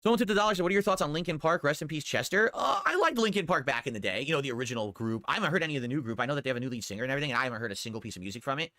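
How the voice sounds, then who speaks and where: Fast bright-voiced rambling man. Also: medium pitch, animated, no echo, studio quality. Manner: rambling, repeats himself. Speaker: livestreamer. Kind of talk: casual stream chat, reading viewer tips.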